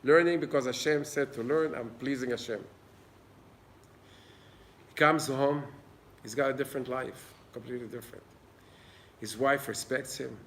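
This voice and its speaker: A man's voice: medium pitch, fairly even intonation, normal speed, pauses often, a bit bright, a little hiss or hum. A man giving an informal Torah class in an old synagogue, earnest and plain-spoken. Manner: earnest, plain-spoken, acts out little dialogues. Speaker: Torah teacher.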